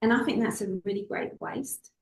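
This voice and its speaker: A woman's voice: on the high side, normal speed, reverberant, rough recording. A woman, a public speaking coach, telling stories expressively as an interview guest. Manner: expressive, acts out voices in anecdotes.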